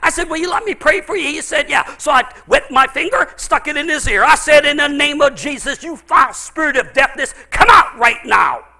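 A middle-aged man, a pastor, preaching a sermon as he tells stories, swinging between loud exclaiming and low, intense stretches. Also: a little fast, hardly any pauses.

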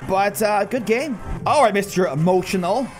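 A man in his thirties giving goofy, self-mocking live commentary over a mobile game, often dropping into silly low voices. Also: normal speed, soft background music. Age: 30s. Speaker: gaming YouTuber.

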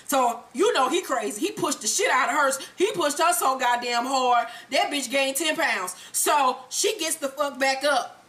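A woman with a high, bright voice recaps a TV episode in casual chat. She tells it in an animated, profane way and acts out each character's lines as she goes. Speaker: show recap host.

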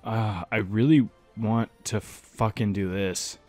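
A man's voice: on the low side, steady tone, slow pace, mellow, soft background music. Young man mumbling gameplay banter. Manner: jokey banter, trailing off into mumbles. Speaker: let's play host. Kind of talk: casual gameplay commentary.

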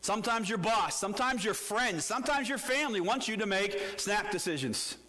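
A man's voice: sits high, lively intonation, brisk, bright, forceful tone. A man preaching a sermon as pastor, telling a story with animation and putting questions to the congregation.

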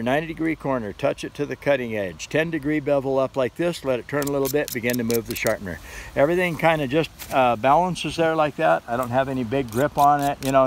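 A man's voice: mid-range voice, a little fast, slight background noise, poor audio. A man casually demonstrating and selling a folding credit card knife, rambling in a chatty way and laughing at his own fumbles. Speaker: knife seller demonstrating a product. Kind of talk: casual product demo vlog.

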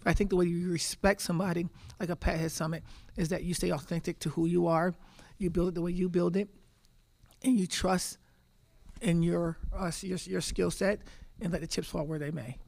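Woman coach in her 50s at a presser, gravelly fry in her voice, emphatic, keeps restarting words. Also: fairly low pitch, steady tone, a little fast, a little mellow. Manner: emphatic storyteller, repeats words while thinking. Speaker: head basketball coach. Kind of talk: press conference answers.

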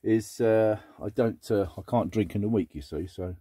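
Middle-aged guy sorting old records, mellow low-key voice, dry close sound. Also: normal speed, slightly rough, dry recording. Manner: chatty, muttering asides, excited exclamations. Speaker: record collector vlogger. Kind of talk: casual unboxing chat.

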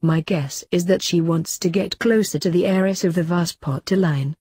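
A woman's voice: on the low side, normal speed, warm tone, husky, dry recording, studio quality. A woman reading the lines of a protective mother, firm and earnest.

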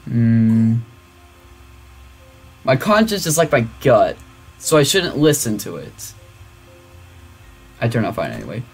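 A young man giving excitable, rambling commentary as he plays a computer game. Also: medium pitch, takes it slowly, long pauses, husky, soft background music. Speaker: gaming youtuber. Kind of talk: casual let's-play commentary.

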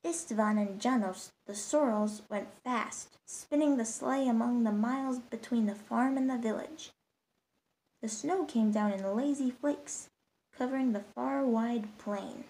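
A woman storyteller narrating a holiday storybook tale in a gentle, steady way. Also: on the high side, unhurried, rough recording.

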